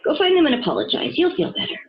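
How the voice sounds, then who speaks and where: Woman voicing a kindly female yeti, soothing, high-pitched, storybook, lo-fi. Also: sing-song, quick pace. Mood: comforting. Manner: soothing, reassuring. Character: kind motherly female yeti.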